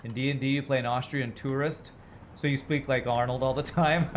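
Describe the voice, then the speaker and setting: A man's voice: medium pitch, fairly even intonation, a little fast, a little hiss or hum. A man streaming a game, thinking aloud as he works out numbers under his breath and chats casually with his viewers. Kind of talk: casual livestream gameplay commentary.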